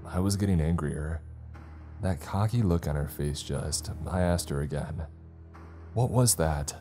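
Very deep, dark-voiced male horror narrator. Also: normal speed, faint music behind. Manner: uneasy, rambling confessional telling. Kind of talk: scripted first-person horror narration.

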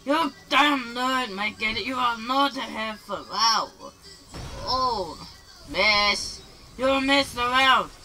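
A man, from the Philippines, voicing a hot-tempered young male anime hero who yells insults and threats while gaming. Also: very high-pitched, takes it slowly, faint music behind, heavily acted, rough recording. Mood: raging. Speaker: gamer. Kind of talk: voice-trolling gameplay.

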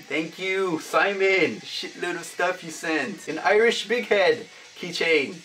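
A man casually chatting as he opens fan mail for his vlog, upbeat and often shouting out exclamations. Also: a little high, takes it slowly, faint music behind. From United States. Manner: upbeat, punctuates items with loud exclamations. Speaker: vlogger opening fan mail.

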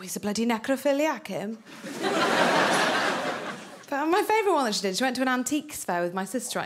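A woman's voice: fairly high pitch, slight background noise. A woman from North Wales doing a stand-up set, chatty and cheeky, laughing through her punchlines. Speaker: stand-up comedian.

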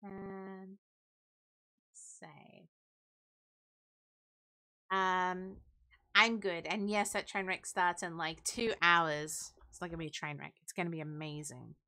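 A woman's voice: on the low side, steady tone, moderate pace, sharp tone. A young woman co-hosting a live stream in casual chat, giggly and teasing. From Great Britain. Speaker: stream co-host.

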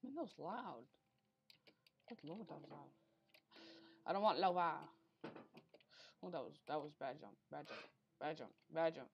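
Lower-voiced woman rambling through gameplay. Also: lively intonation, normal speed, long pauses, highs cut off, slight background noise. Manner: rambling, easily frustrated, talks to self. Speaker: gamer recording a speedrun attempt. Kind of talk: unscripted gameplay commentary.

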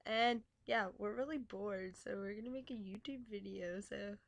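A woman's voice: mid-range voice, normal speed, creaky, a little hiss or hum. A young woman chatting casually and playfully on a webcam vlog, teasing and giggling. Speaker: vlogger. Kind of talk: casual chat.

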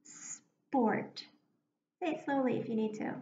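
A woman teaching a recorded reading lesson for young children, speaking slowly and clearly, encouraging them and pausing for their answers. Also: fairly high pitch. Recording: echoey room, dull sound, faint hiss.

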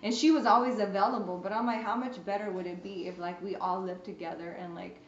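A woman's voice: mid-range voice, fairly even intonation, fast talker. A woman sharing a testimony in a casual group discussion, telling a chatty story and acting out both sides of the conversations. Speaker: beauty business owner sharing a testimony. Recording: roomy, dull recording with faint background noise.

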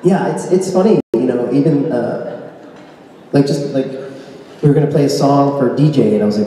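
Mellow-voiced man chatting on stage. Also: medium pitch, slight background noise. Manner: chatty, halting, playful with quoted voices. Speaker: convention panel guest. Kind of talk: casual banter on stage. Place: large convention hall. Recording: echoey hall recorded from far off.

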